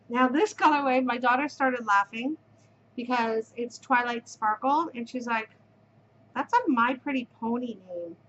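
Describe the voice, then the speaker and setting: A woman's voice: a little high, a bit bright, lo-fi sound, a little hiss or hum. A middle-aged woman hosting a knitting podcast, gushing effusively over yarn in casual show-and-tell chat and repeating her words of praise.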